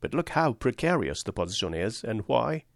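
A man's voice: mid-range voice, big pitch swings, moderate pace, creaky, no room sound, studio quality. A man voicing a scheming, self-righteous company manager who sighs and speaks with false sorrow, in an audiobook reading. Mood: smug regret. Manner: cautious, sighing, falsely sorrowful. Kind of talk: audiobook character voice.

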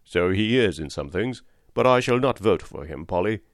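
A man voicing a principled cab driver and father in a storybook reading, speaking firmly and gravely. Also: deep voice, expressive, moderate pace, no room sound. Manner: firm, moralizing.

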